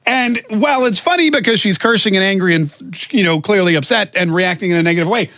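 A man hosting an opinion talk show, sarcastic and animated, acting out the quotes he comments on. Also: high-pitched, quick pace, no echo.

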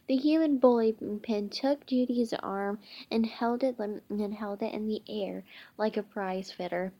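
A woman reading a children's book aloud, halting often with slips and restarts. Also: mid-range voice, steady tone, dark tone. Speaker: reader.

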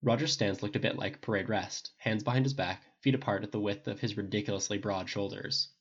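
A man giving steady scripted audiobook narration on a dull lo-fi recording. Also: lowish voice, brisk, breathy edge.

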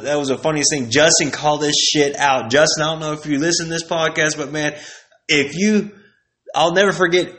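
A man's voice: fairly high pitch, a bit bright. Laid-back man rambling on a podcast. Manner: rambling, profane, laid-back, sipping whiskey. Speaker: podcast host. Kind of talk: casual solo podcast reminiscing.

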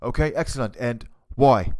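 A man's voice: mid-range voice, normal speed, darkish tone, natural voice. A man impersonating a furious, foul-mouthed male TV head chef who barks insults and clipped commands at cooks. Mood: clipped interrogating. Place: home basement. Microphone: cheap desktop USB mic.

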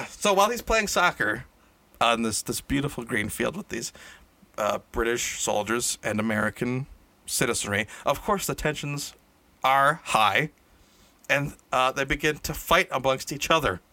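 A man's voice: medium pitch, animated, measured pace, creaky, sharp tone, dry recording. A man casually improvising a silly story, correcting himself as he goes and laughing at his own jokes, in a room shared with a co-host.

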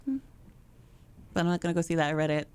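A woman's voice: on the low side, fairly even intonation, fast talker, a little mellow, clear, resonant tone, no echo. A woman in casual chat, bluntly giving opinions and laughing often.

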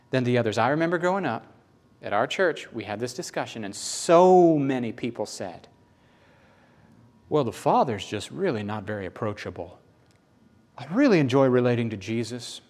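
Male preacher for a sermon read: emphatic, repeats lines, mid-range voice. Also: medium pitch. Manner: emphatic, repeats phrases, swings between loud and hushed.

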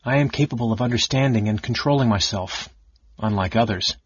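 A man reading an audiobook, voicing a cold, sardonic male mage who speaks softly and evenly. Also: medium pitch, slightly rough, no echo, dull audio, lightly acted. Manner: soft, measured, icy.

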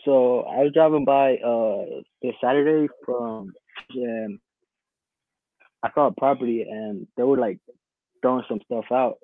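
A man's voice: mid-range voice, unhurried, long pauses, no echo. A man calling in to a live stream, telling his story casually with many hesitations. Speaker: caller. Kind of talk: casual call-in chat. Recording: tinny phone-like call audio.

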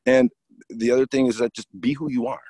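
A man's voice: medium pitch, level tone, fast talker, dark tone, husky, no echo. A man, a teacher, telling blunt, profane, rambling stories in a casual interview.

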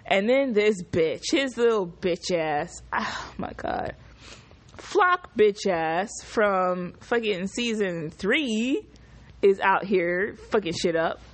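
A woman hosting a casual solo podcast, recapping a show in an animated, profane, exclamatory way. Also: mid-range voice, takes it slowly. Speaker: podcast host.

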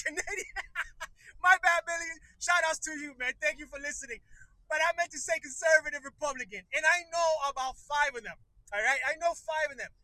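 A man's voice: very high-pitched, sharp tone, no echo, low-quality recording. A man from the United States in his thirties, ranting in casual commentary, exasperated and profane, often breaking into laughter.

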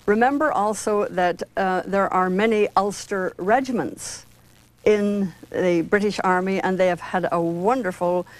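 A woman's voice: mid-range voice, a little slow. A woman on a debate panel, speaking firmly and assertively. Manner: firm, assertive. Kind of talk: heated televised debate.

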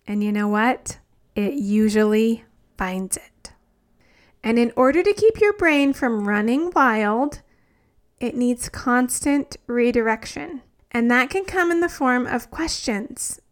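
A woman's voice: on the high side, lively intonation, measured pace. A woman in her thirties hosting a solo podcast as a coach, chatty and enthusiastic, with lots of "like" fillers.

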